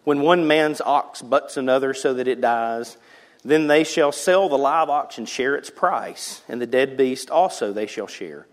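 A man's voice: medium pitch, a little slow, big-room sound. A man in his forties from the South, preaching a sermon and telling a family story with laughter and acted-out voices. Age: 40s. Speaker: pastor. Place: church sanctuary.

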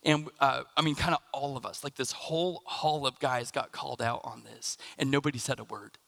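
A man in his thirties preaching a sermon in a casual, halting way, with many fillers and restarts as he tells stories. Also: mid-range voice, steady tone, gravelly, pushed and bright. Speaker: pastor.

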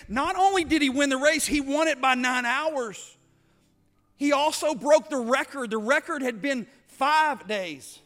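A man's voice: very high-pitched, normal speed, a bit bright. A man preaching a sermon, building up with repeated phrases and rhetorical questions. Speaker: pastor.

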